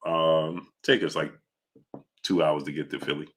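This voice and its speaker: Low-voiced New man chatting live. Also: fairly even intonation, a little slow, a bit bright, slight background noise. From New York. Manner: rambling, greets chat viewers by name, many filler sounds. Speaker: sports show host. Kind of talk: casual livestream chat.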